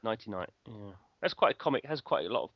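A man's voice: on the low side, very animated, quick pace, no echo, dull audio. A man co-hosting a casual podcast, making teasing, wry asides. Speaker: podcast co-host.

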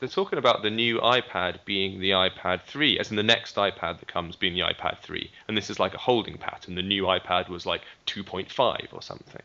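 A man's voice: deep voice, fairly quick, vocal fry, few pauses, bright, forceful tone. A man co-hosting a podcast, casual and sarcastic. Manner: sarcastic, mocking. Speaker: podcast co-host. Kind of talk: casual chat. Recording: dull lo-fi podcast sound.

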